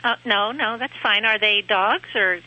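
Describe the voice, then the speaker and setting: A woman gives a calm reading as an animal communicator, reassuring the caller in gentle tones. Her voice is bright and forceful. It comes through a dull lo-fi radio line. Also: mid-range voice, unhurried. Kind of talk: calm consoling phone reading.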